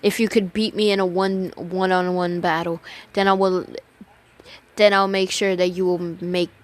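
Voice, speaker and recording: A woman's voice: on the low side, flat delivery, normal speed, lightly acted. A woman quoting a stern, protective male mafia boss in her own everyday voice while telling a made-up fan story.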